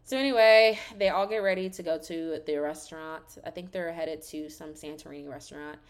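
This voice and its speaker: Woman, podcast host, casual chat, sassy, animated, fond of swearing, slightly low voice. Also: brisk, clean tone. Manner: animated, sassy, heavy use of "like", swears freely. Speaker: podcast host recapping a reality show.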